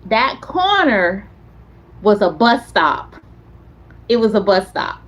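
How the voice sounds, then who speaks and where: A woman hosting a casual chat stream, telling animated stories and talking straight to her viewers. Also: medium pitch, slow pace. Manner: chatty, animated storyteller, talks straight to viewers. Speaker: content creator host.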